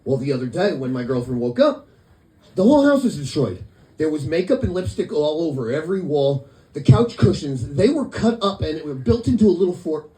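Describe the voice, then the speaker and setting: Male stand-up comic, deadpan storyteller, high lively voice, mellow tone, roomy club sound. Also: brisk. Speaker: stand-up comedian. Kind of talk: stand-up set. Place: comedy club.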